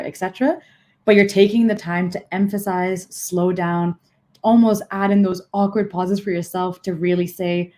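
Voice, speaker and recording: Woman, young adult, interview coach, warm mellow voice, lowish pitch, lively shifting emphasis. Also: moderate pace. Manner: energetic, varies emphasis, frequent "so" and "okay". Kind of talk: live online workshop teaching.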